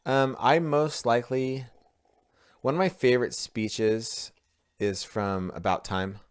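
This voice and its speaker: A man's voice: medium pitch, fairly even intonation, slow, smooth. A man co-hosting a podcast in casual chat, joking and teasing his friend. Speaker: podcast co-host.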